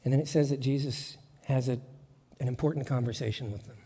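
A man's voice: mid-range voice, steady tone, brisk, dark tone, slightly rough. Emphatic male pastor in reverberant hall. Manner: emphatic, repetitive, conversational preaching. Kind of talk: sermon. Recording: long church reverb.

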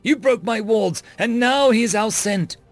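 A man's voice: high voice, unhurried, no room sound, faint music behind, pitched above the performer's own voice. A man voicing a fierce, imperious female spirit of vengeance who speaks in a commanding, scornful way. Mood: urgent.

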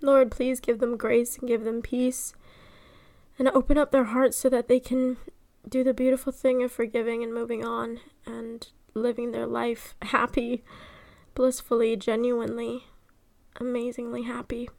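A woman's voice: a little high, little pitch movement, moderate pace, vocal fry, darkish tone. A young woman co-hosting a casual faith podcast, chatty and full of fillers. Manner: chatty, filler-heavy phrasing. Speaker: podcast co-host.

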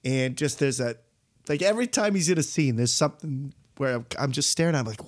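An excitable man in a casual podcast chat about movies. His voice sits at an ordinary middle pitch, and he keeps jumping into quick bits of acted-out dialogue. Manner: excitable, animated storytelling with quoted asides. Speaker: podcast co-host. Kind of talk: casual film discussion.

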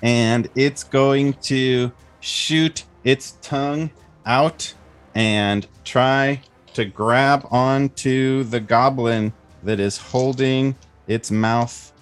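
A man's voice: mid-range voice, fairly even intonation, very slow, smooth, soft background music. A man narrating as game master in a casual, friendly way, with frequent fillers. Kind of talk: narrating a family tabletop game.

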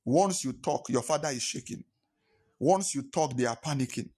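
A man's voice: medium pitch, normal speed, a little mellow, husky. Man preaching a sermon. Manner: preaching with repetition, acting out phone calls in pidgin. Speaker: pastor.

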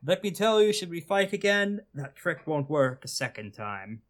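A man's voice: a little high, very animated, moderate pace. A man voicing a proud woman fighter who boasts that an old trick will not work on her again. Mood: boastful.

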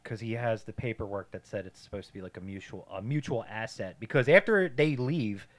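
A man's voice: fairly low pitch, a little fast. A man co-hosting a casual podcast, retelling movie scenes with lots of swearing and laughter and quoting the characters along the way. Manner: profane storyteller, laughs a lot, quotes characters. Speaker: podcast co-host. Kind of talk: casual crude movie-riff chat.

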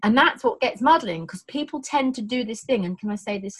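A middle-aged woman, a birth educator, explaining labour in casual conversation, animated, acting out quotes with many restarts. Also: on the high side, fairly quick, few pauses, breathy edge, low-quality recording.

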